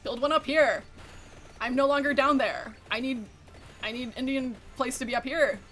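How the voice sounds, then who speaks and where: Bright, giggly high-voiced woman streamer. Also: normal speed. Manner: giggly, chatty, often breaks into laughter; swears casually. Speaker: VTuber streamer playing a game. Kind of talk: casual chat while gaming.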